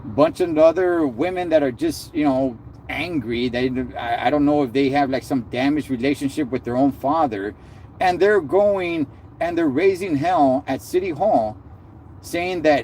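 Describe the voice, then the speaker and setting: A man's voice: a little high, a little slow, a little mellow, slight background noise. A man hosting a live stream, ranting in a heated, sarcastic way with slang and lots of repeated words.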